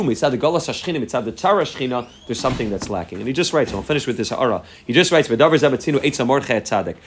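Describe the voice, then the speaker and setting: A man delivers a Purim Torah class at a brisk, rushing pace. He is earnest, circling back and restarting phrases as he builds each point. His voice sits at an ordinary male pitch. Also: a little hiss or hum. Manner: earnest, rapid-fire teaching with frequent repeats and restarts. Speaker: rabbi giving a Torah class.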